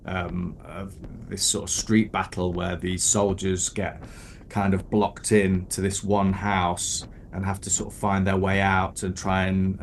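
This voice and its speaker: A relaxed man runs through his favourite films in a casual podcast chat, pausing often on "uh" and "um". His voice sits on the low side, and a faint rumble hangs under the recording. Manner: relaxed, hesitant with frequent "uh" and "um". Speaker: podcast co-host.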